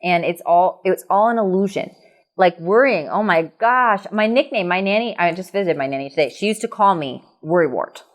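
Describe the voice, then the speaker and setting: A woman hosting a podcast as a coach, talking in a casual, animated way with frequent laughs and restarts. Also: on the low side, a little fast. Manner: animated and chatty, laughs often, many restarts. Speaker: podcast host and business coach. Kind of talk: casual conversation.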